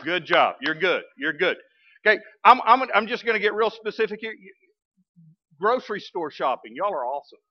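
Man pastor, high-pitched, lively humorous sermon delivery, muffled lo-fi recording. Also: fairly quick. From Arkansas, US. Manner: animated, humorous storytelling with bursts of emphasis.

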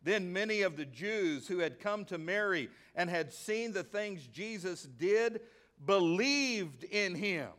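A male pastor from the American South preaching a sermon. He reads scripture at length and asks the congregation questions that he then answers himself. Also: high-pitched. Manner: reads scripture aloud at length, slowing on key words; bursts into excitement.

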